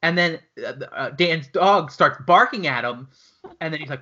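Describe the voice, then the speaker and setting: A man from Brooklyn hosts a casual chat, telling jokey, energetic anecdotes. His voice is very bright and sharp and sits a little high. The sound is dull and lo-fi. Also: moderate pace.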